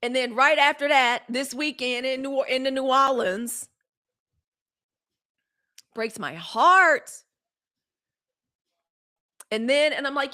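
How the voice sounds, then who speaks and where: A woman's voice: fairly high pitch, steady tone, a little slow, long pauses, bright, forceful tone. A woman hosting a live news commentary show, talking in a fiery, emphatic way with repeated phrases. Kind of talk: impassioned livestream commentary.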